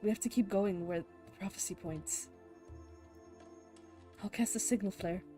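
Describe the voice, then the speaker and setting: A woman streaming a game, reading all the story text and character lines aloud herself and breaking off into loud laughing reactions. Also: medium pitch, moderate pace, faint music behind.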